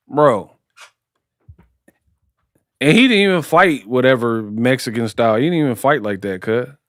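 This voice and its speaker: A man's voice: medium pitch, animated, measured pace, pauses often, fairly bright tone, dry recording, studio quality. A man giving casual watch-party boxing commentary in a slangy, joking way. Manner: slangy, joking, breaks into impressions.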